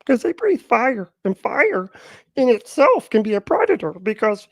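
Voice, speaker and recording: A man's voice: very high-pitched, very animated, normal speed, no room sound, voice pushed up, exaggerated voice. A man doing a whiny, smug mock pundit. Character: mocking impression of a smug male pundit.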